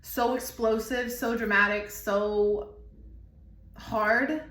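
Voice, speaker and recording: A woman in her thirties gives a heartfelt tarot reading, her voice sitting a little high. She rambles and restarts as she reaches for the right words, getting emotional along the way. The recording carries a noticeable room echo. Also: steady tone, takes it slowly, a bit bright. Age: 30s. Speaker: tarot reader. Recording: echoey room.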